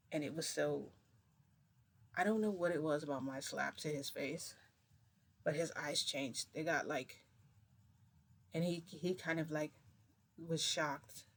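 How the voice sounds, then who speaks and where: A woman vlogger telling a story to camera in a casual, rambling way, close to tears. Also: deep voice. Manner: emotional, rambling retelling with many "like"s.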